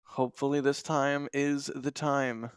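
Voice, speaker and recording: An excited man hosts a live rocket launch stream, talking through the countdown with co-hosts. His voice is smooth and clear, recorded close and dry with no room sound. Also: medium pitch, unhurried, no echo. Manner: excited, chatty. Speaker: livestream host.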